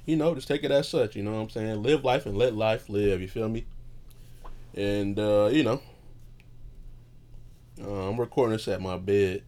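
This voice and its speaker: A man with a fairly low voice talks off the cuff, drifting from one tangent to the next and peppering his speech with profanity. He sounds relaxed and unscripted, as if chatting to friends while lying in bed at home. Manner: loose, profane, meandering, loses his train of thought. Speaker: podcast host. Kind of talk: casual rambling monologue.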